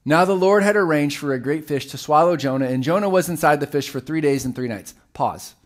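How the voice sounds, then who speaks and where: A middle-aged man preaching a sermon as pastor, telling the story with animated, acted-out voices. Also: a little high, brisk.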